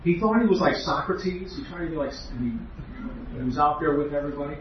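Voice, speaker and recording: A man's voice: on the high side, quick pace, a little hiss or hum. A man giving an earnest, emphatic doctrinal lecture as a preacher, with rhetorical questions. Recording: echoey hall, distant, muffled.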